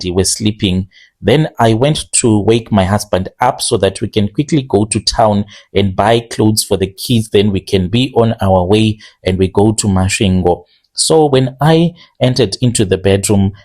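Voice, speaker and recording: A man telling a strange first-person confession in a plain, steady way, slowing down now and then on careful phrases. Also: on the low side. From Zimbabwe. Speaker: confession storyteller.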